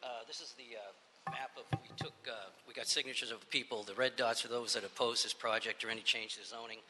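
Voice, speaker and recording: A man's voice: medium pitch, steady tone, a little fast, noisy background. A man giving public comment as a local resident, indignant and conversational, retelling what neighbors told him. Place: council chamber. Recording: echoey hall with faint ambience.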